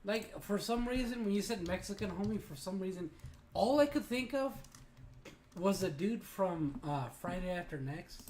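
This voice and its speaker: A man co-hosting a live podcast, chatting casually and reacting with quick exclamations. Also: high voice, animated, darkish tone. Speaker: podcast co-host. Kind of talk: casual chat on a live stream. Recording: echoey room, faint background noise.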